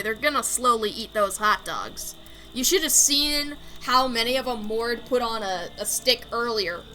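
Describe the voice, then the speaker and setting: A woman streamer chats and giggles her way through a game on a desk mic. Her voice sits high and swoops around a lot. She takes her time and keeps the tone bright. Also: low-quality recording. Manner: giggly and chatty. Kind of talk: let's play commentary.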